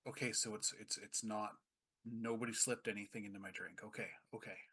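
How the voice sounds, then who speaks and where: A man's voice: fairly low pitch, fairly even intonation, fairly quick, bright, forceful tone, husky. A man playing in a tabletop game, reacting in a flustered, joking way. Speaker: player.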